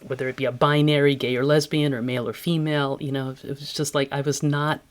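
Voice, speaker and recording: A woman's voice: rumbling low, level tone, fast talker. A woman-voiced podcast guest telling personal stories candidly and reflectively, laughing easily. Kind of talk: personal storytelling in interview.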